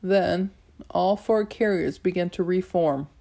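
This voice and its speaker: A woman narrating a novel in the first person, measured, with small restarts. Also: on the low side, vocal fry, mellow. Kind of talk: audiobook narration.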